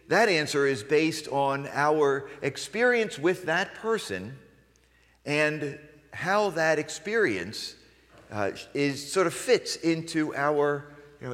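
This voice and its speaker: A male pastor delivers a sermon in a church sanctuary, his pitch rising and falling freely as he acts out different ways of asking a question. The long reverb of the hall trails after each phrase. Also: takes it slowly. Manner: lively, acts out questions with varied inflection.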